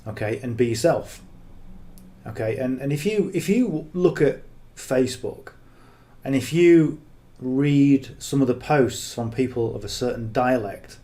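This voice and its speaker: A man talks through marketing advice off the cuff, blunt and earnest. His voice is mellow and rather dark, at an ordinary pitch. He keeps tagging his points with "okay?". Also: animated, measured pace. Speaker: affiliate marketing coach. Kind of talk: casual unscripted coaching talk.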